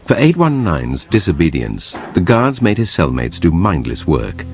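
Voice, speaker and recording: A man narrating a documentary in a measured, grave, scripted delivery. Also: sits low, wildly swooping pitch, noisy background.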